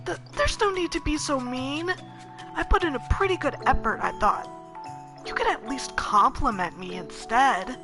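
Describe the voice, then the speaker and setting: A woman's voice: high voice, normal speed, music in the background. A woman voicing a polite, flustered young foreign woman who stammers while trying to be friendly in a story game. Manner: stammering, eager to please.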